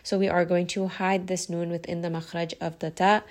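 A woman teaching Quran recitation rules in a calm, methodical way, pausing to model words slowly. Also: fairly low pitch. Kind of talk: tajweed lesson, explaining and modelling recitation.

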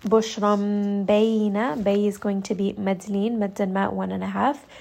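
A woman teaching Quran recitation rules, calm and deliberate, slowly modelling each sound for her students. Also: medium pitch, vocal fry. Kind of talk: step-by-step recitation lesson.

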